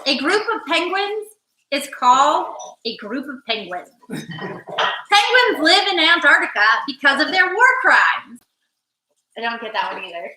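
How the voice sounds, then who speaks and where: Bright, high-voiced joking woman. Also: sing-song, a little slow, pauses often. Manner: playful, joking, teasing. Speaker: cooking livestream host. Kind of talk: casual chat while cooking. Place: home kitchen. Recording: echoey kitchen, faint noise.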